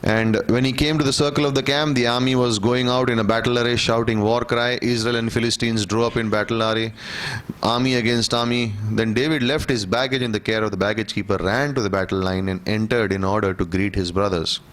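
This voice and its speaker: A man teaching a church Bible class, reading scripture aloud and explaining it in a conversational way, often checking in with "okay?" and clearing his throat. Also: mid-range voice, steady tone, fairly quick, fairly bright tone. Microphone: room microphone.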